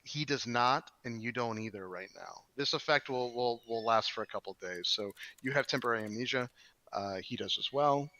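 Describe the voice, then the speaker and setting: A man's voice: mid-range voice, moderate pace, bright, forceful tone. A man narrating as game master in a tabletop game, rambling with many fillers and restarts. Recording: dry, dull lo-fi mic.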